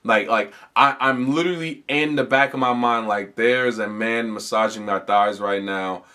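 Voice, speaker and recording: A man's voice: fairly low pitch, fairly even intonation, moderate pace, bright, forceful tone. A man hosting a comedy podcast, telling a rambling, profane story in a casual way, full of fillers and restarts. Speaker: podcast host.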